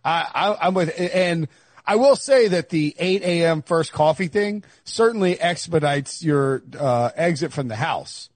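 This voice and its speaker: A married man hosting a sports podcast, riffing in an animated, exasperated way with stumbles and restarts. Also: fairly high pitch, a little slow, no room sound. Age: adult, married. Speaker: podcast host. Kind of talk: casual sports podcast chat.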